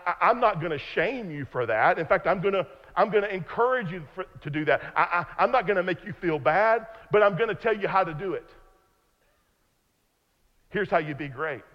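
A pastor delivering a sermon with a fairly high voice that rings out in a large church with a long reverb tail. The sound is slightly muffled, and he presses his points hard, often repeating himself and stretching the key phrases. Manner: emphatic, repeats words, slows for key lines. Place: church sanctuary.

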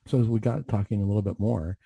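A man's voice: on the low side, steady tone, quick pace, creaky, warm tone, breathy edge, dry recording. A man, a mental health clinician, telling a story on the radio in an earnest, reflective way with frequent restarts.

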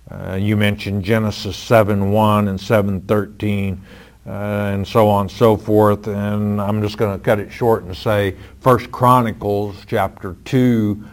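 A man answering listeners' Bible questions in a firm, measured, plain-spoken way. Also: on the low side.

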